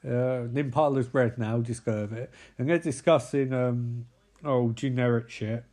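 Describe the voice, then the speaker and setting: A man's voice: mid-range voice, fairly even intonation, normal speed, a little mellow. A man giving rambling, sweary, sarcastic commentary over a film.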